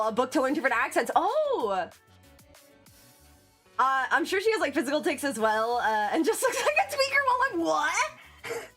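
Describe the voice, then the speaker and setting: A giggly, talkative woman chats casually on her livestream. Her voice sits high and swoops around a lot. Soft music plays faintly behind her. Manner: chatty, giggly, self-described yapper. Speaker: streamer. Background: faint background music.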